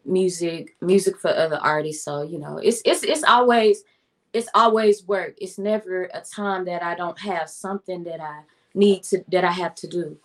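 A woman guest who writes and produces music, speaking in a low-key, reflective way with many fillers. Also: normal speed. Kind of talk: casual interview talk.

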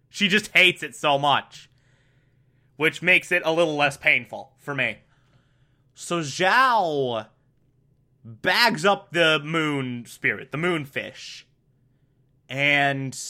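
A man talks through a cartoon episode with a bright, slightly high voice. He gushes about what he loves and keeps piling up "like" and "oh my God". He speaks at an unhurried pace. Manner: gushing, excitable, fills with "like". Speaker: show reviewer. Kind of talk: enthusiastic episode commentary.

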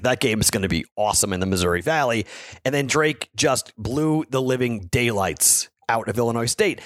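A man's voice: on the low side, fairly bright tone, no echo, studio quality. A man hosting a sports betting podcast, talking casually and frankly, frustrated and rambling with restarts. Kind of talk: casual solo podcast talk.

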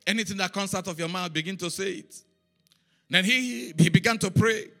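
High, bright-voiced animated preacher man. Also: normal speed, vocal fry, faint music behind. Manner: animated storytelling, repeats phrases, chants syllables. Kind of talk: sermon.

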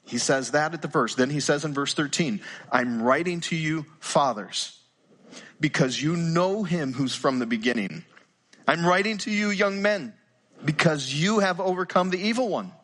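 Bright-voiced older pastor preaching. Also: male voice, on the high side, animated, moderate pace. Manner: earnest, repeats words when starting sentences. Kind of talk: sermon.

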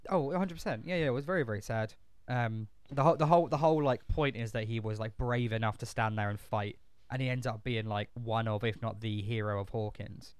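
A man's voice: mid-range voice, fairly quick, clear, resonant tone, no echo. A man chatting casually as a podcast co-host, rambling with lots of swearing, fillers and restarts. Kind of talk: casual chat.

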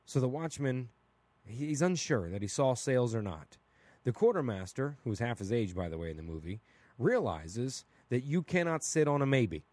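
A man hosting a solo podcast, talking through his opinions in a casual, blunt and animated way, asking "right?" again and again. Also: medium pitch, moderate pace, no echo. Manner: casual and blunt, with mild swearing. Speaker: podcast host.

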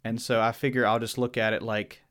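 Southern-accented Virginia man, unhurried. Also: mid-range voice, little pitch movement, fairly bright tone. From Virginia, USA. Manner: thoughtful, unhurried, restarts phrases. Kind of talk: casual podcast conversation.

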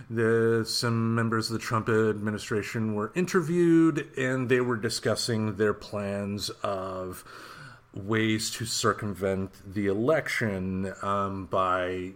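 Low-voiced laid-back man podcast host. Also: fairly bright tone. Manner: loose, swearing, lots of fillers. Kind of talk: casual chat.

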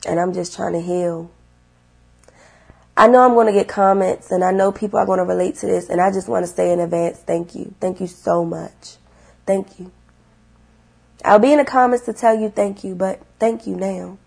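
A young woman talking earnestly to her viewers about faith and getting through hard times, repeating herself and swinging from hushed to loud. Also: mid-range voice, fairly even intonation, normal speed, vocal fry, slightly rough. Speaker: vlogger. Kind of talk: emotional faith-filled vlog monologue.

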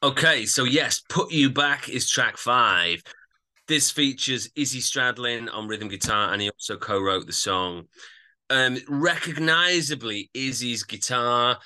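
A man co-hosting a podcast, chatting casually about an album with animated, musing asides. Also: mid-range voice, a little slow. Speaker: podcast co-host. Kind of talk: casual album review chat.

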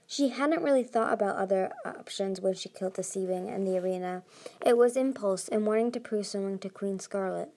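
A woman's voice: mid-range voice, a little fast, warm tone. A woman narrating a fantasy novel aloud, reading steadily with occasional slips and restarts.

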